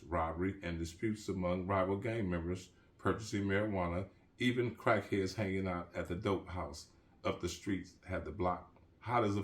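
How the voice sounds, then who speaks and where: A man reading his own crime novel aloud, casual, with street-slang asides and restarts. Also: sits low. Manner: relaxed, street slang, restarts mid-sentence.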